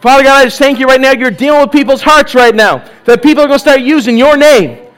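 A man's voice: extremely high pitch, quick pace, fairly bright tone. A man preaching at a church service, exhorting his congregation with repeated calls of "come on" and leading them in prayer. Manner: exhorting, repetitive "come on" calls, bursts of laughter. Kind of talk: charismatic sermon and altar call. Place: church service with live audience.

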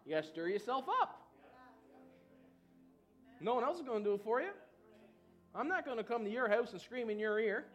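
A male pastor preaching an energetic sermon in a church, calling out to the congregation and breaking into loud whoops. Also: very high-pitched, moderate pace, pauses often, muffled recording, soft background music. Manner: shouts of woo, call and response.

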